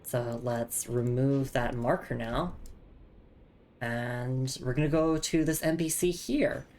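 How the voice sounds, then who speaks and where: Low-voiced woman streaming a game. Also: slow pace, a little mellow. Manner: chatty, reads item text aloud. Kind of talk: casual gameplay commentary.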